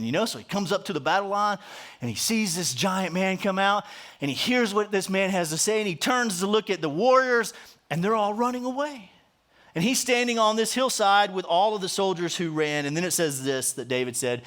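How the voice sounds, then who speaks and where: High-voiced preacher telling a Bible story. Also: male voice, a little fast, a bit bright. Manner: conversational storytelling with frequent restarts. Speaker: pastor. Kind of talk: sermon.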